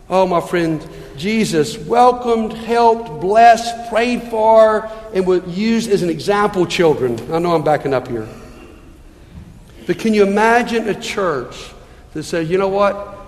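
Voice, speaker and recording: A man preaches from the pulpit with a high, earnest voice, pleading with his congregation through rhetorical questions. His words ring out with a long reverb that fills the church hall. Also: lively intonation, takes it slowly. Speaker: pastor. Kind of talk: sermon. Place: church sanctuary.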